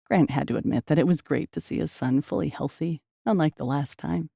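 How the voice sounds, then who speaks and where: A woman reading a romance novel aloud in an even, measured storytelling manner. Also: deep voice, gravelly, breathy edge, no echo, clean studio sound. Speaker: audiobook narrator. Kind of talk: scripted narration.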